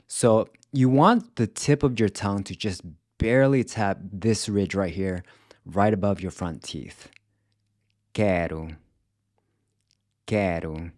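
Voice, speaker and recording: A man teaching a language lesson in a scripted, careful way, repeating words slowly to show how they are said. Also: fairly low pitch, darkish tone, dry recording, studio quality. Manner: slow, careful, demonstrates pronunciation by repeating words.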